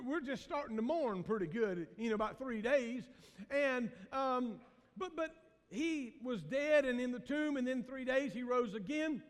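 High-voiced pastor in a reverberant church. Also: male voice, fairly bright tone. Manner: folksy, asks the congregation questions, laughs often. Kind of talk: sermon. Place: church sanctuary. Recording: long reverb of a church hall.

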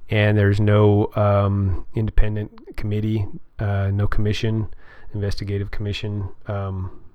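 A middle-aged man with a lowish voice hosts a casual political chat, rambling along with plenty of ums and restarts. His throat sounds dry. The recording is dead dry, with no room sound at all. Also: monotone, dry recording, narrow, tinny audio. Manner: rambling, halting, many fillers and restarts. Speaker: podcast host.

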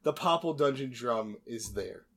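A man in the host's chair walks his co-hosts through a movie's plot, loose and chatty. He jokes as he goes, trips over his words and circles back with little asides. His voice sits at an ordinary middle pitch for a man. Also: expressive, measured pace, fairly bright tone. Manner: joking, rambling, many asides and restarts. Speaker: podcast host. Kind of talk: casual comedic movie recap.

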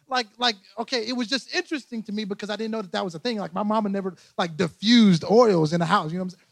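A man's voice: high-pitched, quick pace, gravelly, dry recording. A young man preaching a casual, humorous sermon as pastor, joking, laughing at himself and repeating phrases. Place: church service in a large room. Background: loud guitar music.

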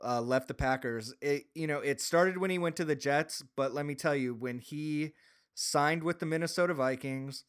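A man from Green Bay talks sports on a podcast in a rambling rant that keeps restarting and climbs into heated outbursts. His voice sits a little high for a man. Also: normal speed, smooth. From Green Bay, Wisconsin. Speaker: podcast co-host. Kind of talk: casual sports talk rant.

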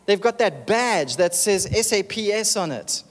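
Male preacher with a high voice, animated and emphatic, long echoing reverb. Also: a little slow. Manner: animated, emphatic, calls for amens. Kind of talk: sermon.

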